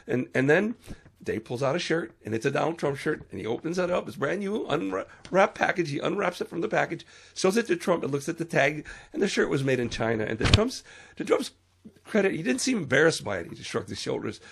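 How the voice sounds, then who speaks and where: A man speaks his mind on his own podcast, earnest and preachy, his voice jumping up now and then to stress a point. The tone has a gravelly fry to it and a husky edge. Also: on the high side, big pitch swings, brisk. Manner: earnest and preachy, with sudden emphatic rises and trailing fillers. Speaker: podcast host. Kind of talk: solo opinion podcast monologue.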